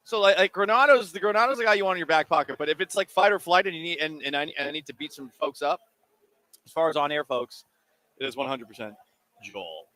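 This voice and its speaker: A man's voice: fairly high pitch, quick pace. A man hosting a sports radio show, chatting casually and joking with listeners' questions. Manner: animated, jokey, talks while eating. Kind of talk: casual call-in radio talk. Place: radio studio. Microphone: studio microphone.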